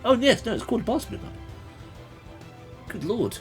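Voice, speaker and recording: Chatty man with a lively voice. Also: very high-pitched, moderate pace, faint music behind. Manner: chatty, laughs often, thinks aloud. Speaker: game master and livestream host. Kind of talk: reading a gamebook live with chat.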